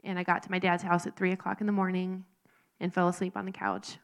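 A woman telling her personal faith testimony in an earnest, halting, emotional way. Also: fairly low pitch, little pitch movement, smooth. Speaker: speaker sharing a recovery testimony.

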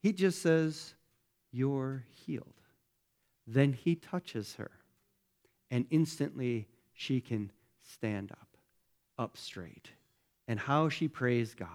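A man preaching a sermon as pastor, speaking conversationally and tagging many lines with rhetorical questions. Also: on the high side. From United States.

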